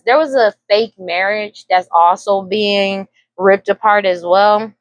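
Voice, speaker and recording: A woman's voice: mid-range voice, no echo, rough recording. A woman giving a casual tarot reading, rambling and repeating herself, now and then breaking into laughter. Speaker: tarot reader.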